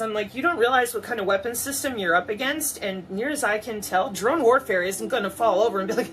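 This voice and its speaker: A woman with a fairly high voice rants to camera in a sarcastic, mocking tone, sprinkling in profanity. A faint background hiss sits under her voice. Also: brisk, a bit bright. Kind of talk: ranting monologue.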